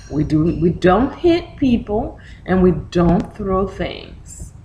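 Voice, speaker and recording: A woman's voice: fairly low pitch, slow pace, few pauses, roomy sound, highs cut off, a little hiss or hum. A woman reading a picture book to young children, asking them questions and acting out reactions. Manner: animated, questioning, acts out reactions. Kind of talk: storytime lesson for young children.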